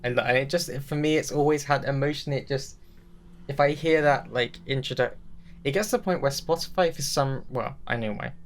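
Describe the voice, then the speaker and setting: Young man, podcast co-host, gravelly voice, rambling, excitable, self-mocking chat. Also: mid-range voice, fairly quick.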